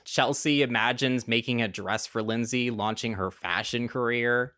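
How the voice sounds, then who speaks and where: A man recapping a cartoon movie in a sarcastic, deadpan commentary style. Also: mid-range voice, no echo. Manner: dry, snarky, deadpan asides. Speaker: YouTube commentator.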